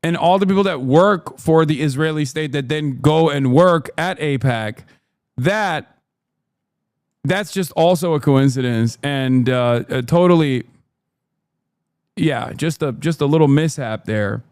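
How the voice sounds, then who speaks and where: A man's voice: a little high, unhurried, darkish tone, clean tone, dry recording, clean studio sound. A man giving casual livestream commentary on a debate clip, sarcastic and heated, swearing and laughing often. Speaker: streamer reacting to a debate clip.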